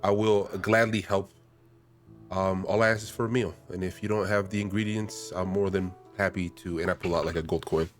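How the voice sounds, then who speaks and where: Male player, deep voice, gentle and casual, TTRPG table. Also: fairly even intonation, brisk, faint music behind. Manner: gentle, casual, in-character speech mixed with chat.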